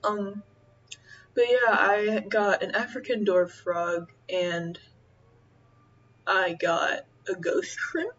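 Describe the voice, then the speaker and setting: Young woman just rambling on while eating, lots of ums, kinda muffled low-quality audio. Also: a bit bright. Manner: rambling, halting, many fillers. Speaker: vlogger. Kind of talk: casual chat while eating.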